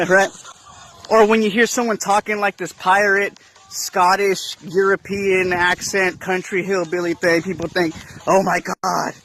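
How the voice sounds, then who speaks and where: A man talking casually and slowly, peppering his points with slang and a constant "right?". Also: sits high, little pitch movement, fairly bright tone, slight background noise. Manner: slangy, keeps asking "right?". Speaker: commentator in a clip. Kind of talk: casual monologue.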